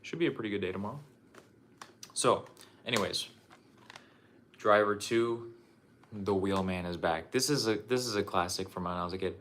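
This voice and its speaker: This streamer is a young man presenting his game collection, speaking in a fairly low, fairly bright voice at normal speed with long pauses. He's breathless, loose and profane, and keeps restarting sentences, with a little noise in the background.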